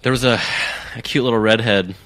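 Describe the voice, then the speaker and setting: Bright-voiced rambling young guy. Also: mid-range voice, fairly quick. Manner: rambling, excitable, lots of "like". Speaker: podcast guest. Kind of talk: casual chat.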